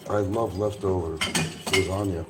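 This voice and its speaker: A man's voice: low voice, steady tone, unhurried, heavy background noise. A man talking casually and rambling at home while he eats, grumbling about the news between bites. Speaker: vlogger. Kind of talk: casual eating vlog chat.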